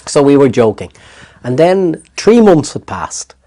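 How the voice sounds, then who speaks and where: A middle-aged Irish man, a therapist, recounting a personal story in an interview with lively restarts. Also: mid-range voice, unhurried. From Ireland. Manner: animated storytelling with hesitant restarts. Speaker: guest, therapist.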